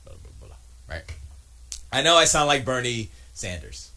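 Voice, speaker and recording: A man's voice: mid-range voice, sing-song, moderate pace, pauses often, pushed and bright. A man streaming from his home studio, rambling through casual commentary with frequent restarts and mocking asides. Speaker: streamer and podcast host.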